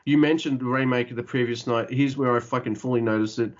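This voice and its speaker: A man's voice: medium pitch, fairly even intonation, fast, dull audio. A man co-hosting a podcast, ranting in casual wrestling chat, exasperated and swearing a lot. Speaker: podcast co-host.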